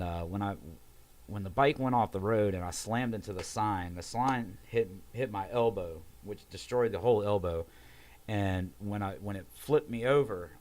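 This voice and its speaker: A man telling a long personal story in casual chat, animated and swearing freely. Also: lowish voice. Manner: animated, swearing, acts out quotes in raised voices. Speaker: podcast guest.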